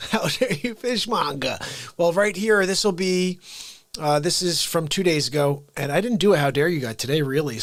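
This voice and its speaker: A man hosting a casual livestream, talking rapidly and excitedly and reacting to viewers' chat messages. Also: fairly high pitch, no echo. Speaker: livestream host.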